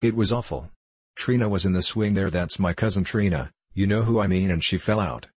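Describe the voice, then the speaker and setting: A man's voice: low-pitched, a little fast, breathy edge, no room sound. Man voicing a blustering hot-headed young man. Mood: excited. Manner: loud, blustering, repeats himself. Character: excitable loud young man, quick-tempered.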